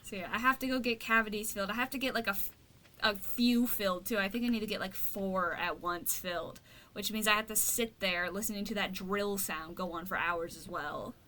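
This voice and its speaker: A woman's voice: medium pitch, steady tone, a little fast, sharp tone, a little hiss or hum. A woman streamer chatting casually while gaming, venting in a blunt, profane way.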